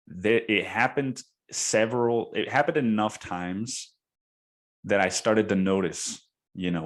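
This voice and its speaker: A young man with a deep voice hosts his podcast and tells a story. He talks casually, swears freely and tosses in "dude" every few lines. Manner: casual, profane, says "dude" a lot. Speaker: podcast host.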